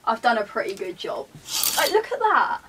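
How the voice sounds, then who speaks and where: Standing beside her wardrobe in the bedroom, a young vlogger sorts clothes, chatting casually and muttering to herself. She speaks at a moderate pace with a fairly high pitch that swings widely. The mic is distant and the background is noisy.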